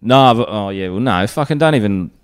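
A man's voice: fairly low pitch, lively intonation, a little fast, clean tone. An Australian man on a podcast, chatting casually and rambling, often trailing off mid-sentence. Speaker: podcast guest. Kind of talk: casual chat.

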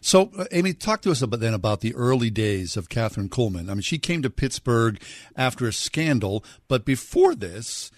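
A man's voice: mid-range voice, very animated, brisk, no room sound. Man hosting a radio interview, dry sound. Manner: conversational, leading questions. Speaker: radio show host.

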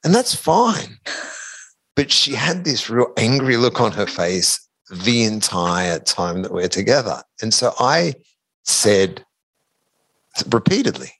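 A man, a podcast guest telling a story in a casual, animated way and laughing as he goes. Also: medium pitch, slow. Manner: animated, laughs through his own story.

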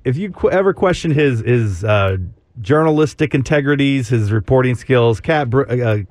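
A man hosting a sports radio show, chatting casually, his voice climbing higher when he gets excited. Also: normal speed, no room sound.

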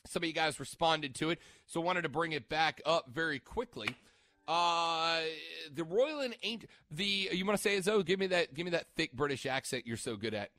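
A man's voice: a little high, brisk, bright, forceful tone, no echo. A man hosting a sports radio show, chatting casually and rambling, stopping mid-sentence to check his notes. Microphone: studio microphone.

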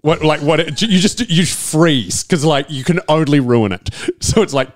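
A man's voice: a little high, a little slow, few pauses, no room sound. A middle-aged man, co-hosting a casual chat podcast and telling a rambling story while laughing at himself. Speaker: podcast co-host.

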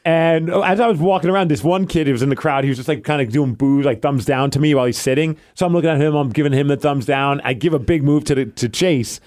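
A man's voice: on the high side, fast talker, hardly any pauses. A man co-hosting a podcast, telling a story in casual chat and acting out quotes as he goes. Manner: animated storyteller, acts out quotes. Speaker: podcast co-host.

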